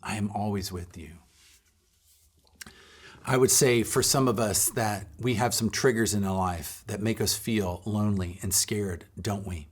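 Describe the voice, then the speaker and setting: A man's voice: on the low side, a little slow, husky. Earnest male pastor preaching. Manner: earnest, repeats key phrases for emphasis. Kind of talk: sermon. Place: church.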